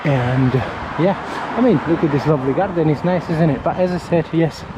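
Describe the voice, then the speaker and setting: A man from Italy with an Italian accent, chatting casually on a walking vlog and often pausing to search for words, talking into a camera outdoors on a windy street. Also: a little high. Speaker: vlogger. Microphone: camera mic held near the face. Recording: faint wind and traffic noise outdoors.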